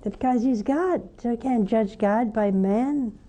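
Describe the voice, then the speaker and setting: A nun leads a devotional broadcast and takes calls from viewers. Her voice is very dark and mellow, set a little high, and she speaks unhurriedly. She leans into emphatic highs, then falls back to hushed, tender asides. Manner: slow, emphatic, rising to fervent highs then dropping soft. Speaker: nun hosting a call-in show. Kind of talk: devotional teaching and call-in counsel.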